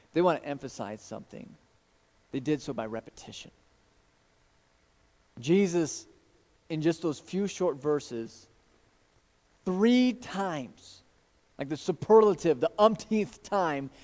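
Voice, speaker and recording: A man's voice: mid-range voice, a little mellow. A man, a pastor, preaching an earnest sermon to his congregation in a church. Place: church sanctuary. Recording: long church reverb.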